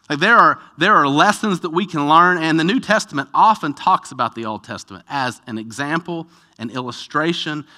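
Bright-voiced male pastor preaching. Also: fairly high pitch. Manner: earnest, builds in energy, emphatic repetition. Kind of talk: sermon Q&A. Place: church with live stream.

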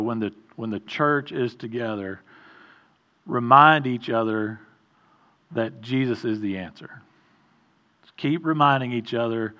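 A man's voice: medium pitch, fairly bright tone, highs cut off. A middle-aged man preaching an informal sermon in a conversational way, often stopping, restarting and adding asides.

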